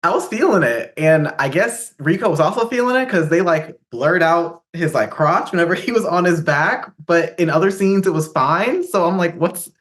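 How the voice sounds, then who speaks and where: A man's voice: a little high, expressive, moderate pace, hardly any pauses, fairly bright tone. A man co-hosting a podcast, chatting in a playful, cheeky way. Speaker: podcast co-host. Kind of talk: casual chat.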